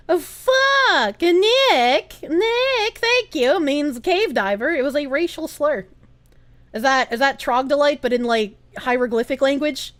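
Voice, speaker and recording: A woman streamer chatting casually and reading viewer comments aloud, giggly and animated, swearing freely. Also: sits high, moderate pace. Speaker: live streamer.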